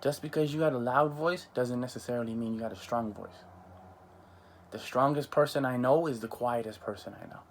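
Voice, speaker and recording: Animated male preacher with lively asides. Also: medium pitch, fairly quick, slight background noise. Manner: animated, mimics others in asides, frequent restarts. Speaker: Islamic preacher. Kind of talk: religious talk on parenting.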